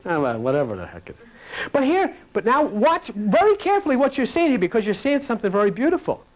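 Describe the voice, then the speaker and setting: A man preaching a sermon in a folksy, plain-spoken way, swinging between loud emphatic peaks and quiet asides. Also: extremely high pitch, wildly swooping pitch, fast talker, rough recording.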